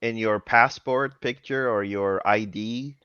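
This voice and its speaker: A man hosting a casual chat over a video call, lively and laughing often. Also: fairly low pitch, slow, clean tone, dry recording, lo-fi sound. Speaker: host.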